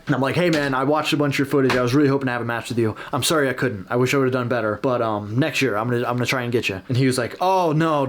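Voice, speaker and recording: A man's voice: mid-range voice, a little hiss or hum. A man hosting a casual reaction video, talking candidly and self-deprecatingly about his own match footage.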